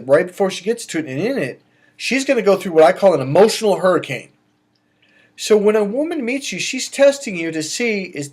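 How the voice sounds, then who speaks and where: Animated man giving dating advice. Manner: animated and emphatic, swings between loud bursts and low asides. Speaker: dating coach. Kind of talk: direct-to-camera advice monologue.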